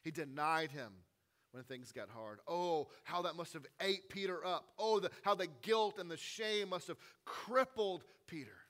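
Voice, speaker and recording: A male pastor delivering an Easter sermon in a bright, forward voice that sits a little high. He moves between relaxed, chatty asides and dramatic retellings of scripture that sink to a near hush. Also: a little slow. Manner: conversational preaching with casual asides.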